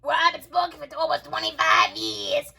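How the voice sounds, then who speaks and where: A woman voicing a brash, loud, chain-smoking older neighbor with a phlegmy smoker's voice in a homemade skit. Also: high voice, little pitch movement, moderate pace, creaky, full character voice. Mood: defiant. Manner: brash, loud, snapping back.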